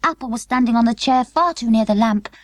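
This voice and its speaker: A woman's voice: fairly high pitch, a little fast, no echo, voice pushed up, natural voice. A woman voicing a bossy, self-assured older girl. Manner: bossy, a touch haughty. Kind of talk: audiobook character voice.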